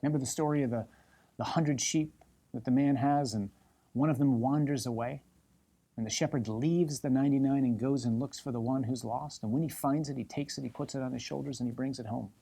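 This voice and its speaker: A male priest delivers a sermon in a husky voice of ordinary pitch. He drives points home by repeating phrases in lists, then drops softer and closer when voicing an inviting call. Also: fairly even intonation, brisk.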